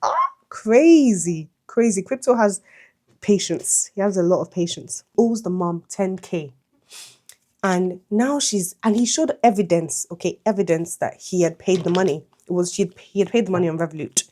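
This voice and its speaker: A young woman vlogger chatting through a storytime retelling while doing her makeup, animated and exclamatory. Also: fairly low pitch, moderate pace. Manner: animated, exclamatory, slangy commentary. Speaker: beauty vlogger.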